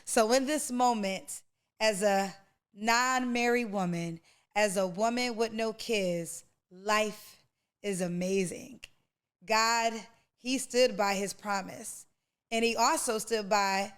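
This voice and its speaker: Smooth-voiced woman giving heartfelt testimony. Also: medium pitch, takes it slowly. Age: 40s. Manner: emotional, preacherly, addresses listener as honey and baby. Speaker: podcast host. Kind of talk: personal testimony.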